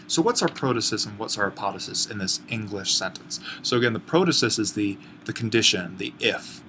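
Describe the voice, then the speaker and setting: A man's voice: lowish voice, lively intonation, brisk, few pauses, pushed and bright, slight background noise. A man teaching an online lesson on classical Greek grammar, explaining step by step and correcting himself as he goes. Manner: explains step by step, thinking aloud with fillers and self-corrections.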